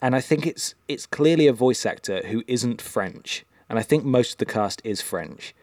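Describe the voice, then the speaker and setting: A man's voice: mid-range voice, expressive, normal speed, a little mellow, dry recording. A man co-hosting a podcast in casual chat, rambling and hesitant with lots of um and uh. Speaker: podcast co-host.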